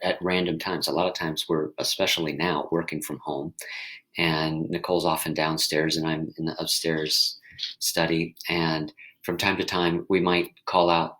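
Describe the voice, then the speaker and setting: A man talking gently as a mindfulness teacher, leading listeners through a reflective exercise and often restarting his sentences as he searches for words. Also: low voice, poor audio. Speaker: mindfulness teacher and podcast host.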